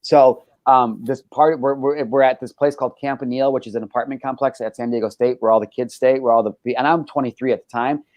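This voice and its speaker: Brief: male talk-show host, animated and profane storyteller, dry close sound. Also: medium pitch, quick pace, hardly any pauses, dry recording. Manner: animated storytelling, heavy swearing. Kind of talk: casual chat.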